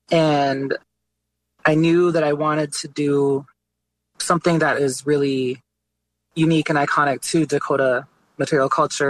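Male guest artist, casual interview talk, easygoing storyteller, mid-pitched voice. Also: rough recording. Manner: relaxed storytelling with frequent "like" and "you know" fillers.

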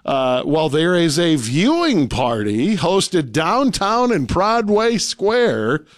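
A man co-hosting a radio show, chatting casually and reading out event listings in a brisk, list-like way. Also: fairly high pitch, sing-song, no room sound, studio quality. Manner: reads event details in a brisk, listy way. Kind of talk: casual radio chat and announcements.

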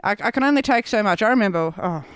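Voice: medium pitch, expressive, rapid-fire, fairly bright tone, clean tone, dry recording, studio quality. A radio presenter chatting casually on air between songs, rambling and joking with playful asides. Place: radio studio.

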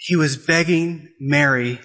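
A man's voice: a little slow, bright, forceful tone. A man preaching an impassioned sermon, growing emotional and acting out quoted conversations. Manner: emotional, rising to high-pitched pleading; acts out quoted dialogue.

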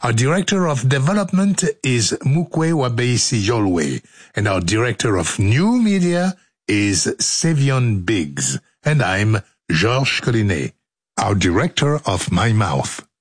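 A man's voice: medium pitch, sing-song, slow, husky, dry recording, studio quality. A man hosting a radio show, joking through outtakes in a playful, theatrical way. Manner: jokey, theatrical, swoops into silly voices. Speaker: radio host. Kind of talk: playful studio banter and outtakes.

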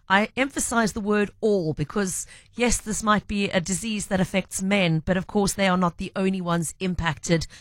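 A woman hosting a radio talk show, introducing and interviewing guests in an articulate, measured way. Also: medium pitch, no room sound. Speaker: radio host.

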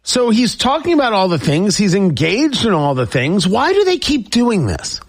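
Male talk radio host, high and lively pitch, emphatic monologue style. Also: normal speed, slightly rough. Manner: emphatic, repetitive, animated.

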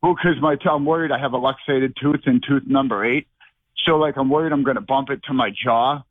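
A man's voice: medium pitch, a little fast, no room sound. A man calling in to a radio show by phone, rambling and scattered, sounding out of breath. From Boston area. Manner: rambling, scattered, lots of fillers. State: short of breath. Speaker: caller. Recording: tinny phone line.

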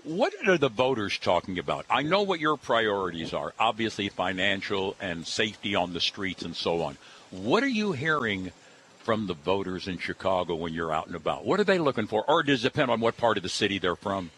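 A man's voice: lowish voice, sing-song, a little fast, a bit bright, a little hiss or hum, rough recording. A man interviewing a guest, asking direct, conversational questions.

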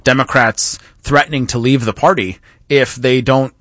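A man's voice: medium pitch, steady tone, fairly bright tone, dry recording. A man co-hosting a political talk show, arguing his points emphatically with folksy sayings in casual discussion. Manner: emphatic, folksy, quick to interject.

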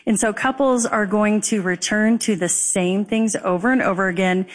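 Upbeat woman explaining marriage advice. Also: medium pitch. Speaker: guest speaker on marriage. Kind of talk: conversational radio talk.

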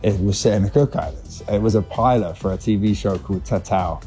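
A man's voice: on the low side, a little fast, warm tone, faint music behind. A young adult man, an actor, chatting casually as an interview guest, laid-back and rambling with restarts.

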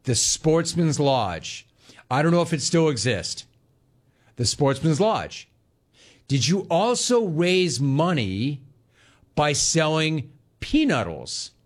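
A man in his forties hosts a casual sports talk show and reacts to his live chat. His voice is very lively and swings up and down as he tells stories, with quick asides in between. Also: on the high side. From Los Angeles area.

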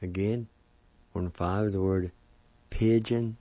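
Man, language teacher, deliberate syllable-by-syllable delivery, very slow, dry dull lo-fi recording. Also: low voice, fairly even intonation, mellow, no room sound. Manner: slow, deliberate, sounds words out syllable by syllable and repeats them. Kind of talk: recorded weekly language lesson.

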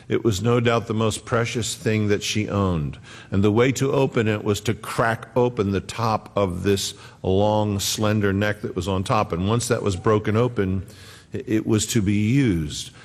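A man preaching a sermon in an earnest, conversational way, acting out the quotes he tells. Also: fairly low pitch. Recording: long hall reverb.

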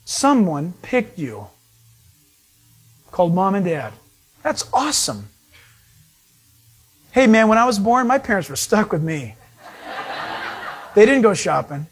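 High, animated preaching man. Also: takes it slowly, pauses often, breathy edge. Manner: animated storytelling, acts out voices of people he met. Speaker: pastor. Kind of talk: sermon.

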